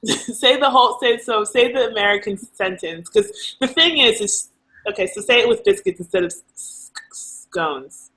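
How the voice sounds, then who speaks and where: Brief: woman, casual co-host, swooping lively voice, fairly high, giggles between lines. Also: normal speed, poor audio. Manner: teasing, coaxing. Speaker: co-host of a live video chat. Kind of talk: casual chat.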